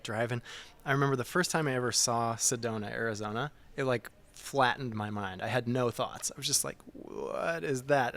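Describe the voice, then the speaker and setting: A man telling a story as a podcast guest, animated and laughing, swinging from hushed to loud. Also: mid-range voice. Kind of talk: casual storytelling.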